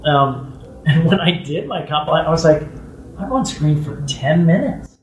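A man guesting on an interview, telling stories casually and acting out other people's voices with big jumps in pitch. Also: expressive, normal speed, recorded from a distance, slight background noise. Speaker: guest actor. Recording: echoey room, off-mic with faint ambience.

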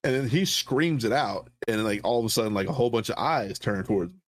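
A man's voice: medium pitch, normal speed, long pauses, no room sound. A middle-aged military veteran co-hosting a podcast, telling stories in casual, profane chat and often laughing at his own punchlines.

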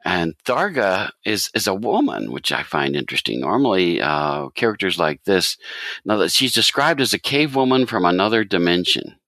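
Podcast host, male: very low gravelly voice, lively swooping delivery, dry close sound, rambling and full of restarts. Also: moderate pace, no echo. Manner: rambling, many restarts and fillers. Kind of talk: casual interview chat.

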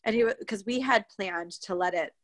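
A woman's voice: mid-range voice, brisk, no echo. A young woman telling a personal story in a casual, chatty way, acting out what people said along the way. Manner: chatty, animated retelling with many quoted asides. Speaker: guest telling her birth story.

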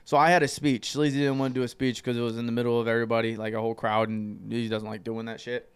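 A young man on a casual podcast, telling stories with lots of swearing and loud mimicking. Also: fast talker, clean tone. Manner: animated, profane, jumps into loud high voices when quoting. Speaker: podcast co-host. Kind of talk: casual storytelling chat.

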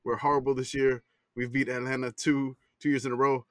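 A man's voice: mid-range voice, flat delivery, a little fast, dry recording. Easygoing man on a dry mic. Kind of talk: casual chat.

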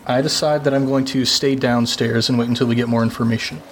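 A mid-pitched man playing a tabletop game, describing his moves with playful drama. Faint noise runs under the recording. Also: fairly even intonation, fast talker. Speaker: player. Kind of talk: casual chat.

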